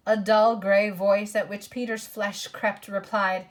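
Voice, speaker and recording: A woman's voice: mid-range voice, steady tone. A woman reading a novel aloud in a plain, unpolished way, sometimes stopping to fix slips. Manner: unpolished, pauses to correct slips. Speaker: audiobook reader.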